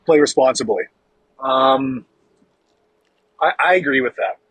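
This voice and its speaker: A man's voice: medium pitch, very animated, measured pace, a bit bright, slightly rough, no room sound, poor audio. A man of about forty co-hosting a casual hockey talk show, giving emphatic, opinionated playoff picks with frequent restarts. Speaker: hockey co-host and analyst. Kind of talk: casual sports podcast talk.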